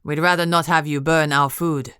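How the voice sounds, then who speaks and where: A woman voicing a pompous aristocratic count, a grown man with a deep, booming voice, a Spanish accent and haughty, formal speech, in an audiobook. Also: steady tone, normal speed, bright, forceful tone, clean tone, dry recording, studio quality. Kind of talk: audiobook character voice.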